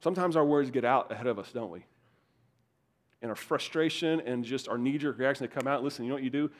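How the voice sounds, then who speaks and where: A young adult man preaching a sermon as pastor, animated, repeating words and swinging from loud bursts to hushed asides. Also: medium pitch, fast.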